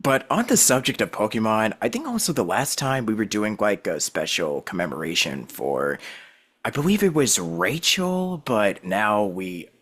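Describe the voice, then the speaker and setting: A man hosting a podcast interview in casual, animated conversation, laughing easily. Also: on the low side, moderate pace, slightly rough. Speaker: podcast host.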